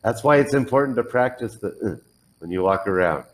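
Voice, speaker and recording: A man's voice: lowish voice, animated, a little fast, poor audio. A man teaching English pronunciation one on one, patiently modelling words and correcting the learner's drills.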